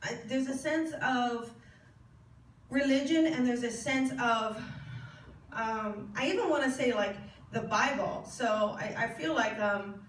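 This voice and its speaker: A woman's voice: a little high, measured pace, a little hiss or hum. A woman working as a spiritual medium, giving a chatty live reading to an audience, often laughing and asking questions. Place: hall at a spiritual service. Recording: echoey hall, from far off.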